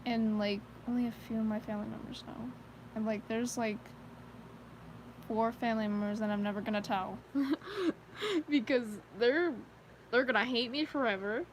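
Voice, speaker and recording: A woman with a somewhat high voice rambles through a casual live-stream chat, stacking "like" fillers and breaking into nervous little laughs. A faint ambient hiss sits under her voice. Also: moderate pace, long pauses, rough recording. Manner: rambling, heavy use of "like" fillers; nervous self-conscious laughter between thoughts.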